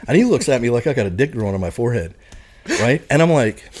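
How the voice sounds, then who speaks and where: A man's voice: medium pitch, animated, quick pace, darkish tone, breathy edge. A man in his forties from Canada, a retired Marine guest telling crude anecdotes in a laughing, casual way. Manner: profane, laughing anecdotes with lots of "like" and "right?". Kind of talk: casual storytelling.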